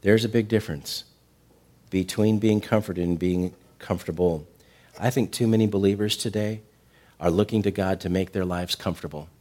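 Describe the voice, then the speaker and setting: A middle-aged man delivers a sermon in a fairly low voice. He preaches with real animation, climbing to loud, emphatic peaks before dropping back into soft, tender stretches. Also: steady tone, normal speed. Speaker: pastor.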